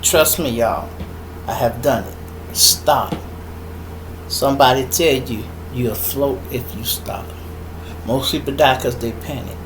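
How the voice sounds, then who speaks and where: A middle-aged man with a Chicago accent hosting a podcast, telling a story in an animated, profane monologue and acting out voices and sound effects. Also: medium pitch, unhurried, long pauses, slight background noise, low-quality recording. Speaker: podcast host.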